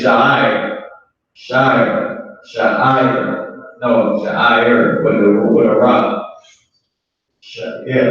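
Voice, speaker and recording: Slow joking male teacher in echoey room. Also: mid-range voice, a bit bright. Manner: joking, drawn-out, laughs between points. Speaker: language teacher. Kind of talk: casual live classroom teaching. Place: classroom with students. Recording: very echoey room from far off, dull.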